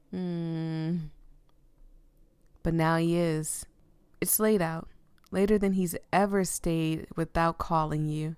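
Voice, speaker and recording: A woman's voice: fairly low pitch, clear, resonant tone, no echo. A woman hosting her channel, reading a visual novel aloud and stopping to react with feeling between the lines. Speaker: channel host reading interactive stories.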